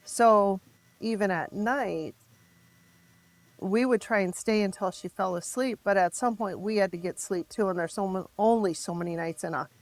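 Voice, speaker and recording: A middle-aged woman with a mid-range voice tells her story as a podcast guest. Her candid account is raw and emotional, and she halts and restarts as she speaks.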